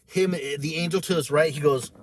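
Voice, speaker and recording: A man telling an emotional personal story, animated and repetitive, acting out the voices of others as he goes. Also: a little high, normal speed, slight background noise. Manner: emotional, repeats himself.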